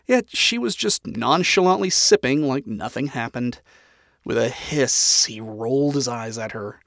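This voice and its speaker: A man narrates a story aloud in an even, dryly expressive reading. His voice sits in a middle pitch. The recording is close and dry, with no room sound. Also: normal speed, gravelly, no echo.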